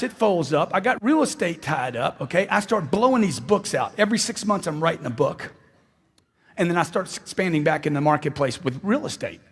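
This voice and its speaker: A man's voice: high voice, creaky, fairly bright tone, breathy edge. A man giving an emphatic motivational stage speech, repeating lines for effect and firing questions at the crowd. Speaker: motivational speaker. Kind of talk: live stage speech to an audience. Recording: long hall reverb.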